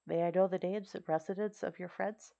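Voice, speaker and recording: A woman reading the lines of a kind, blind old man in exile, speaking softly and courteously to reassure. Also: on the low side, steady tone, fairly quick, creaky. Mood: gentle. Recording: slightly dull recording.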